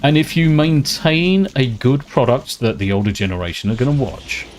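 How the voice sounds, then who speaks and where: A man's voice: medium pitch, normal speed, a little hiss or hum. A British man streaming a game, ranting and swearing freely in casual chat. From Britain. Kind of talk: casual live-stream chat while gaming.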